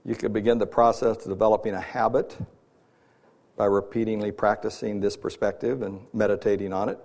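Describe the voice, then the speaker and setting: A man's voice: on the low side, level tone, fairly quick, darkish tone. A man who works as an executive life coach, giving a conversational Christian teaching talk at an event, with frequent fillers and restarts.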